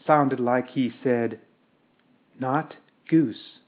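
A man's voice: mid-range voice, drawn-out words. Bold young woman explorer, read by a man, eager and observant; narrow tinny recording. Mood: puzzled. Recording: tinny phone-like audio.

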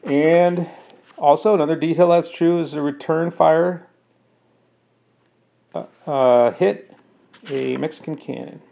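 A man's voice: on the high side, steady tone, slow, gravelly, pauses often, a little hiss or hum. A man narrating a first-person story, later explaining it casually with fillers. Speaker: storyteller reading his own story. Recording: narrow phone-like sound.

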